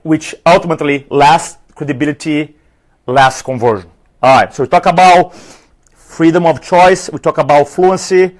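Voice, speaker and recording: Seminar trainer, male, thick Spanish-tinged accent, a bit high-voiced, punchy and energetic with audience. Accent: foreign accent, Spanish-influenced. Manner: energetic, rhetorical questions, numbered tips. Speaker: public speaking trainer. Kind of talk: live seminar talk. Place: event room with an audience.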